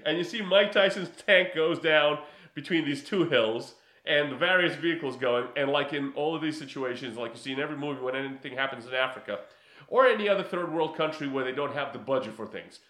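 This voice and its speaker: A man co-hosting a casual chat, telling a movie story with lots of laughter and quick character impressions. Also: mid-range voice, roomy sound. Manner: animated storytelling, mimics characters, laughs often. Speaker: podcast co-host reviewing a movie.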